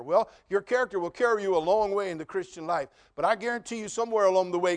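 Man, pastor preaching a sermon, high-pitched voice, storytelling, direct questions to the congregation. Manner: storytelling, rising to emphatic preaching.

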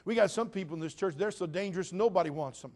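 A pastor preaches to his congregation in a fairly high male voice. He drops into soft, confiding asides, then rises into loud, repeated, emphatic lines. His talk stays direct and personal. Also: fast talker. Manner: swings from quiet confiding to loud preaching bursts. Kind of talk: sermon. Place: church.

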